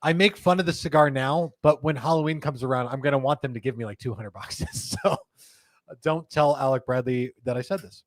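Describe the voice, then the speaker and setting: A man with a mid-range voice hosts a live cigar show from an indoor studio room, speaking briskly. His live-stream chat is relaxed and full of jokes, and he reads viewer comments out loud.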